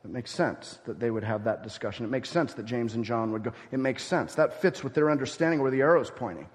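A man preaching a sermon as pastor, stressing key points loudly and dropping to quiet asides. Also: mid-range voice, fast talker. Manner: emphatic, swings between loud stresses and quiet asides. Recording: long hall reverb.

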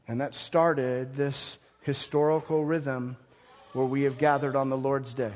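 A man's voice: mid-range voice, level tone, unhurried, darkish tone, long reverb tail. A male pastor preaching a sermon in a church, emphatic and prone to repeating key phrases. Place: church hall.

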